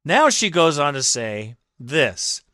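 A man's voice: on the high side, big pitch swings, slow, bright, forceful tone, dry recording, clean studio sound. A man hosting a sports podcast, ranting sarcastically and mockingly at an absent critic, with indignant swearing. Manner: rants, swears, directly addresses absent critic. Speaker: podcast host.

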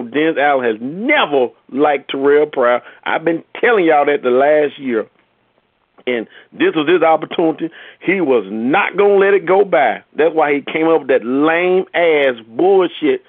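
A man's voice: fairly high pitch, no room sound. A man ranting angrily and profanely as a sports fan caller. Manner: angry, profane, rising in heat. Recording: dry tinny phone-like line.

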